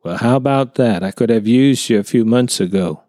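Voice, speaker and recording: A man's voice: medium pitch, normal speed, mellow, no room sound, clean studio sound, close to an everyday voice. A man voicing a genial Southern neighbor, a retired counselor, with a folksy drawl in a storybook reading.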